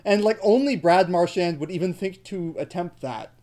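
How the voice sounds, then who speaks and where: A man in casual podcast chat about hockey, animated and joking, with exaggerated comparisons. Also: high-pitched, normal speed.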